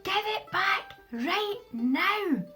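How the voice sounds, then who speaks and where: Woman doing a commanding crow, firm and loud. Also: high voice, sing-song, normal speed, soft background music. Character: helpful bossy male crow.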